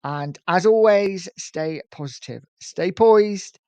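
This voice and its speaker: Middle-aged english guy w a slight lisp, chatty stream host, fairly high voice, dry sound. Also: takes it slowly, a little mellow, clean tone, no echo. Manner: chatty, friendly, urges viewers to like and subscribe. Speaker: host of a football live stream. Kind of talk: casual live-stream chat reading viewer comments.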